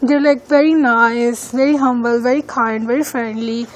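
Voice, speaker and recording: Using her phone to film a casual vlog as she walks her neighborhood outdoors, a female student talks in English, not her native language, with hesitation and many fillers. Her fairly high voice stays steady in tone at normal speed, and the audio is poor.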